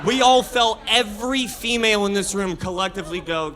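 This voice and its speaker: A man's voice: sits high, brisk, background noise. A man doing a stand-up comedy set on a club stage, talking energetically to the crowd with frequent laughs and restarts.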